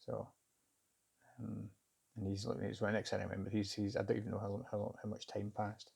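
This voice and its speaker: Middle-aged man, dark low husky voice, reflective first-person story, candid and halting. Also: level tone. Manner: candid, halting, self-searching. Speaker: vlogger recounting a job interview.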